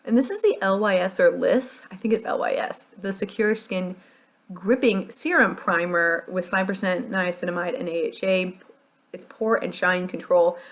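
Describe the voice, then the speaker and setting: An American woman talking casually through a beauty project, chatty and rambling with frequent laughs. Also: on the low side. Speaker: beauty vlogger. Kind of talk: casual product chat.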